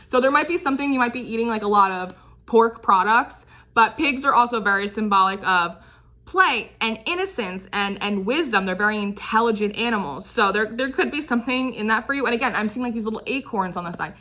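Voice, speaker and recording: Young woman doing a rambly tarot reading, lots of "like", bright crisp voice. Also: on the high side, lively intonation. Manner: chatty, filler-heavy, repeats phrases, drifts into quick put-on voices. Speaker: tarot reader. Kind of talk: casual spiritual tarot reading to camera.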